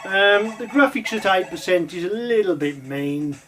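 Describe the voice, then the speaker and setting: A man's voice: high-pitched, lively intonation, normal speed, fairly bright tone. A man casually chatting while playing and reviewing old computer games, rambling with lots of ums and uhs. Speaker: retro game reviewer. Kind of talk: casual gameplay commentary.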